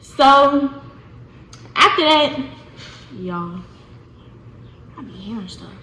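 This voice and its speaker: A young woman telling a casual storytime to her viewers, animated and chatty, often calling them y'all. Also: sits high, extremely slow. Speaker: vlogger. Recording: echoey room with faint noise.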